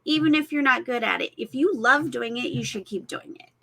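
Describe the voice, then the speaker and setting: A woman's voice: on the high side, animated, a little fast, creaky, a bit bright, poor audio. A woman and mother speaking earnestly on a parenting panel, acting out what parents say to their kids. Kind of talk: casual panel discussion.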